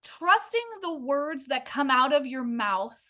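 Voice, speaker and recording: A middle-aged woman giving a lively online workshop on public speaking, talking energetically and addressing her audience as "you guys". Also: sits high, measured pace. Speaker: speaking coach. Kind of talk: live online workshop talk.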